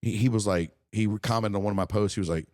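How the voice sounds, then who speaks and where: A man's voice: lowish voice, fast talker, darkish tone, no room sound, studio quality. A man hosting a casual podcast, talking in an emphatic, profane, ranting way. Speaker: podcast host.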